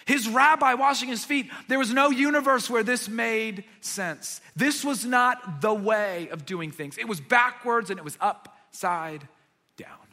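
Bright-voiced male preacher in a big hall. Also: very high-pitched, unhurried. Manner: dramatic storytelling, vivid emphasis. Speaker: pastor. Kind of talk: sermon.

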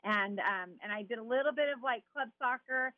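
A woman from Southern California, a former softball player, talking easygoing as an interview guest with lots of "you know" and "um". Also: on the high side, fairly quick, no echo, narrow, tinny audio. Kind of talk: casual interview chat.

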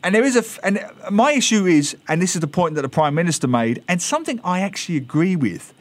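Essex accent guy, kinda high voice, chatty and opinionated, radio studio guest. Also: very animated, fast. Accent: Essex (Thames estuary) English. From England, East London. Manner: chatty, opinionated, wry asides. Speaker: guest columnist. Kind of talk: radio talk chat.

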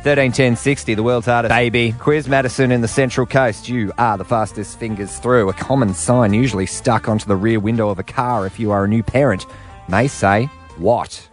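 A man hosting a late-night radio show, joking and bantering fast and cheekily. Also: medium pitch, steady tone. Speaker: radio host. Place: radio studio. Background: faint music.

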